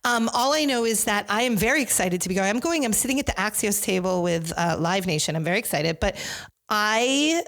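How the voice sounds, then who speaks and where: A woman in her forties talks through a casual podcast chat. Her voice sits at an ordinary middle pitch. She tells stories in an animated way, tossing in quick asides. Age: 40s.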